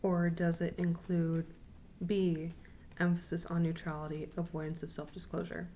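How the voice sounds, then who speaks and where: A young woman giving a recorded class presentation, reading out quiz questions and options in a measured way, repeating them, with frequent ums. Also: fairly low pitch, flat delivery, dark tone, slight background noise. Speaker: counseling student presenting.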